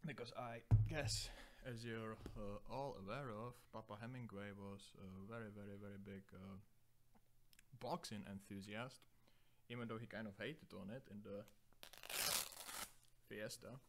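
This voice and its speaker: A man's voice: lowish voice, steady tone, a little slow, pauses often, a little hiss or hum. A young man hosting a solo podcast, rambling through profane, self-deprecating digressions. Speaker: podcast host.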